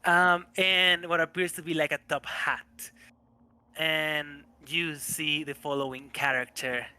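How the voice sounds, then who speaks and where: A man's voice: a little high, flat delivery, slow pace, sharp tone, clean tone, no room sound. A man narrating a tabletop game as game master, in a loose, casual way.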